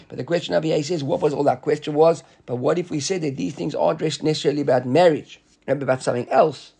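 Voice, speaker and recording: A man teaching a Talmud class, explaining quickly and repeating words as he reasons aloud. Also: on the high side, gravelly, mellow, husky.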